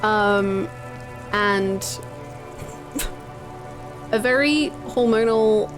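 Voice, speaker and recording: A young woman streaming a video game from home, chatting, laughing and telling stories in an animated way. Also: medium pitch, extremely slow. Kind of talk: casual chat while playing a game. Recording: music from the game behind. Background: game music.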